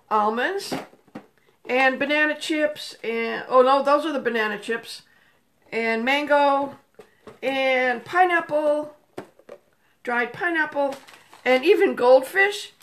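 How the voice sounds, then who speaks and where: An older woman hosts a laid-back livestream at home, talking to viewers by name via a phone camera on a table. Her fairly bright voice is on the high side.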